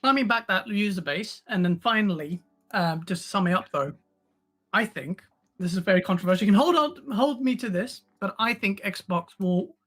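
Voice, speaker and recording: A woman hosting a casual live-stream panel, playful and teasing, often laughing. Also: mid-range voice. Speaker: host.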